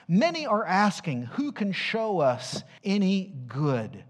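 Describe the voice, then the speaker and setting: A man preaching a sermon as pastor, emphatic, asking the congregation questions and dropping at times to a hushed voice. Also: sits high, huge pitch swings, slow pace.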